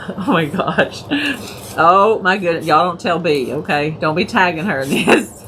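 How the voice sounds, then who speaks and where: A woman's voice: lowish voice, normal speed, fairly bright tone, slight background noise. A woman hosting a casual crafting livestream, laughing through her words and chatting to viewers by name. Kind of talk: casual live crafting chat.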